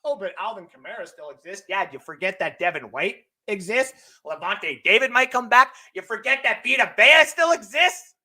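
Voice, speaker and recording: Loud ranting young man, bright tone. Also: sits high, animated, normal speed. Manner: loud, profane, ranting, often shouting. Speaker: host. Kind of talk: live-stream sports rant.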